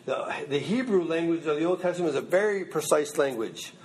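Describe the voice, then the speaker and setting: Fairly high-pitched yet darkish in tone, this man's voice moves quickly with lively intonation, and a slight hiss or hum runs underneath. He's giving a casual Bible class lecture, frequently checking in with "okay?" and "you know what I mean?"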